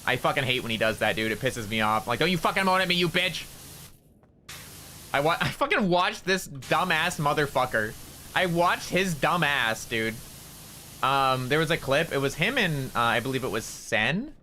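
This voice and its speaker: Bright-voiced, rambling young man streamer. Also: medium pitch, sing-song, normal speed, a little hiss or hum, low-quality recording. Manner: rambling, profane and joking. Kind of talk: casual chat while streaming a game.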